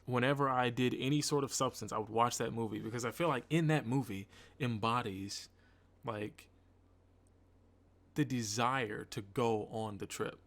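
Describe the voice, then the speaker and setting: A young man hosting a podcast in a casual chat, relaxed and rambling, asking follow-up questions. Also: medium pitch, moderate pace. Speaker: podcast host.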